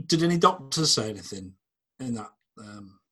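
Guy teasing his cohost, blunt and sweary, husky voice. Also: lowish voice, expressive, moderate pace, pushed and bright. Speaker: podcast co-host. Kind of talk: casual chat.

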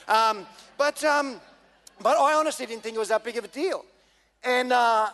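A pastor preaches in a relaxed, chatty way, full of ums and restarts. His voice sits high for a man. It rings out with the long reverb of a church hall. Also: a little fast. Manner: relaxed, conversational, many fillers. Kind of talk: sermon with personal story.

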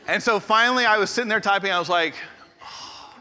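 A middle-aged man preaching with a high, bright, forceful tone. He talks conversationally and pokes fun at himself, then hits his points hard. His voice rings through a long, echoing hall. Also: very fast, a faint crowd. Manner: conversational, self-deprecating, animated with emphatic outbursts. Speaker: pastor. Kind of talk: sermon with storytelling.

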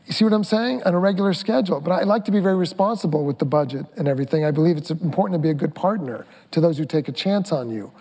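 A middle-aged man with a slightly raised pitch tells behind-the-scenes stories at length, restarting sentences as he goes. He is heard on a stage with a long hall reverb. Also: racing, few pauses. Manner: rambling, animated storytelling with many restarts. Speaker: film director, panel guest. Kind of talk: onstage conversation.

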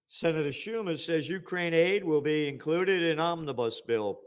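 A man giving an angry, profane political rant with sarcastic jabs and sudden shouted outbursts. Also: a little high, moderate pace, hardly any pauses, clear, resonant tone. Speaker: commentator.

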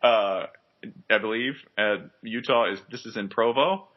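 A man's voice: lowish voice, unhurried. A man hosting a podcast, chatting casually about sports in a joking, rambling way with many fillers. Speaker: podcast host. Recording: dull lo-fi podcast recording.

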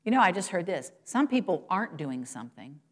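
Woman preaching, lowish voice. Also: big pitch swings, brisk. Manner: rises in pitch and volume for quoted lines and exclamations, drops low and soft at points; addresses congregation directly, asks rhetorical questions. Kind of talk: sermon.

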